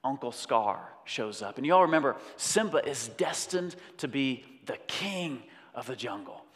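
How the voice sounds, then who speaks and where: A man preaching a sermon in an animated way, breaking off to act out voices. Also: medium pitch, normal speed. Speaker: pastor. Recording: long hall reverb.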